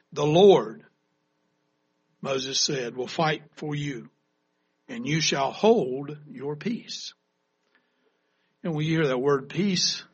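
A man's voice: on the high side, fairly bright tone, husky, highs cut off. A man preaching a sermon to his congregation, often turning to ask the listeners rhetorical questions. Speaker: pastor.

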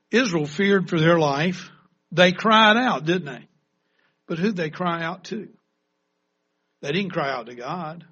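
A man's voice: on the high side, fairly bright tone, slightly rough, lo-fi sound. A man preaching a sermon to his congregation, often turning to ask the listeners rhetorical questions. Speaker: pastor.

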